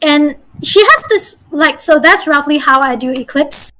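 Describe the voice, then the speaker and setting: A woman's voice: high-pitched, animated, measured pace, sharp tone, slight background noise, low-quality recording. A woman game master hosting a casual workshop, chatty and encouraging, laughing often as she gives feedback. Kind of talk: casual teaching.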